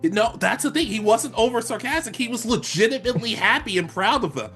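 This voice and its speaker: A man's voice: high voice, animated, quick pace, hardly any pauses, a bit bright, faint music behind. A young adult man co-hosting a casual anime podcast, recapping episodes animatedly and acting out characters' lines. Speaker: podcast co-host.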